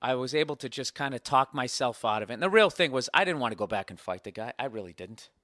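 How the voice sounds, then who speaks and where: A man in his forties hosts a podcast, telling a comic story while cursing freely and acting out both sides of an argument in an animated rant. His mid-range voice moves fast, recorded in studio quality with no echo.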